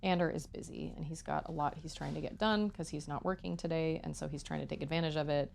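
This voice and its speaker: A woman's voice: low-pitched, steady tone, fast talker, creaky, a little mellow, a little hiss or hum. A woman streamer chatting casually and thinking aloud while she plays a game. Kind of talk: casual gameplay chat.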